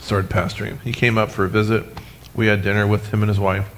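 A man preaching a sermon as pastor, animated, with humorous asides, speaking to his congregation and online viewers. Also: fairly low pitch, fast talker, slight background noise. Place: church sanctuary, recorded for live stream.

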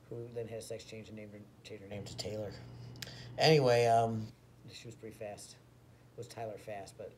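A man's voice: medium pitch, a little mellow, slight background noise. Rambling, mock-boastful man spinning tall tales. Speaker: comedy storyteller. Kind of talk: deadpan absurd tall tale.

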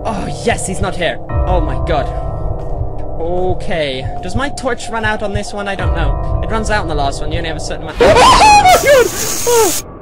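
A young man giving horror game commentary who shrieks and swears when startled and mutters to himself between scares, into a headset mic. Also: high voice. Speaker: gamer.

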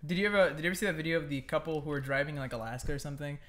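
A young man, co-hosting a podcast in casual chat and telling stories with growing excitement. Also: fairly high pitch, very fast, slight background noise. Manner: excitable storyteller, gets loud and laughing when telling anecdotes. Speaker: podcast co-host.

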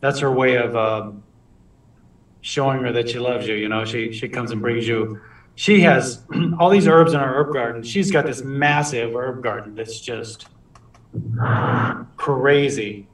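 A man talks through a watercolor demonstration in a relaxed, chatty way, stumbling and restarting as he works. He sits back from the microphone. The room rings around his voice. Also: mid-range voice, a little slow, long pauses, distant mic. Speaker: watercolor instructor. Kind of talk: live painting demonstration with chat. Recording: roomy sound from off mic.

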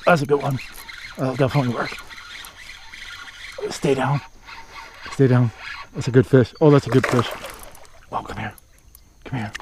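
A man filming himself bass fishing from a boat outdoors, cheering on every catch with casual commentary. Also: a little hiss or hum. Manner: excited, cheers on fish with stock phrases. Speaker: fishing vlogger.

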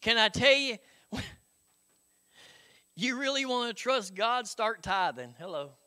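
A middle-aged pastor preaching in a high, ringing voice. He keeps it folksy and conversational, tossing "Hello?" out to the congregation. His tone is bright and forward. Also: very animated, normal speed. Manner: folksy, conversational preaching with frequent "Hello?" call-outs and chuckles. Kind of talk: sermon.

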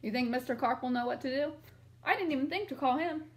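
A woman's voice: high voice, fast talker. A woman teacher reading a picture book aloud to children and asking them questions in an encouraging way.

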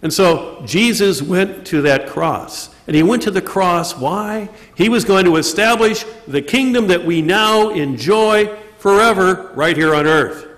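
A man preaching a sermon with a high voice for a man, asking questions and answering them himself. He slows down to stress key words. The sound carries the long reverb of a large church. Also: lively intonation, a bit bright. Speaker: priest. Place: church during Mass.

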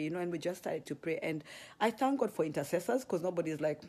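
A woman with a Kenyan accent, chatting on a live stream, very expressive and gasping as she tells stories. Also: on the low side, fast talker, slightly rough. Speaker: ministry leader. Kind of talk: casual live-stream chat.

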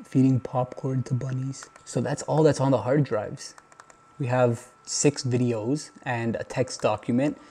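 Man, vlogger, nervous running commentary, husky, dark-toned voice, indoors at a computer. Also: mid-range voice, fairly even intonation, measured pace. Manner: uneasy, nervous commentary with gasps and exclamations. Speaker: YouTuber. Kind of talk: reacting to found footage on camera.

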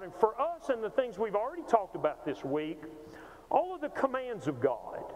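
A man's voice: high-pitched, darkish tone. A man preaching a Bible lecture in a church, teaching emphatically and conversationally, often restarting his words. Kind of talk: sermon-style Bible lecture. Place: church auditorium. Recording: long hall reverb.

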